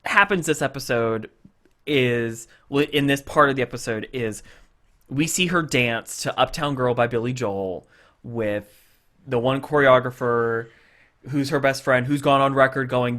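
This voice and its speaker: A podcast co-host with a mid-range voice casually reviews a TV episode at a measured pace. He retells it animatedly, acting out the scenes and quotes as he goes.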